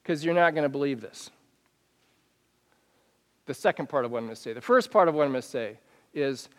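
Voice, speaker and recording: A man preaching a sermon as pastor, talking in a conversational, animated way with many questions to the listeners. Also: medium pitch, a little fast, long pauses. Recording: long reverb of a church hall.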